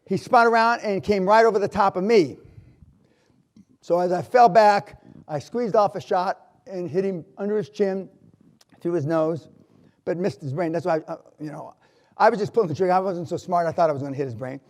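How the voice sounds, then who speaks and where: Older guy telling wild stories on stage, blunt and swears a lot, kinda high voice. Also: normal speed. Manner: blunt storytelling, profane, swings from loud to quiet. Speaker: motivational speaker. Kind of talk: live motivational talk with stories. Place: university hall.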